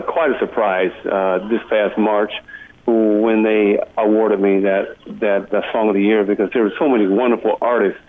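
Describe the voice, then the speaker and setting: Humble low-voiced man on the phone. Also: darkish tone, poor audio. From Colorado. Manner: humble, halting, with many restarts. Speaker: musician guest. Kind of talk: phone interview. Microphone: telephone.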